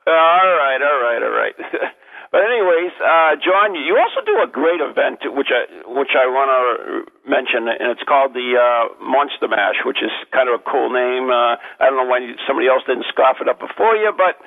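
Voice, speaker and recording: A man's voice: mid-range voice, expressive, normal speed, gravelly. An older man hosting a radio show in a rambling, joking manner. His voice comes through thin and phone-like, in a mid register. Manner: rambling, joking, many restarts. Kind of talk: casual radio talk. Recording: tinny phone-like radio audio.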